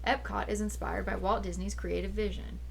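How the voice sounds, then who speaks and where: A woman co-hosting a live trivia stream in casual chat, teasing and quick with retorts. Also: medium pitch, steady tone, creaky, husky. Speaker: trivia co-host.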